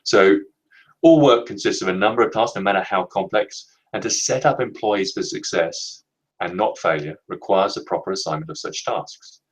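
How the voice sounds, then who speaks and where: Deep-voiced man giving a webinar lesson. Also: rough recording. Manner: measured, emphatic explanations with slow stressed words. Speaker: leadership trainer. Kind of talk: webinar presentation.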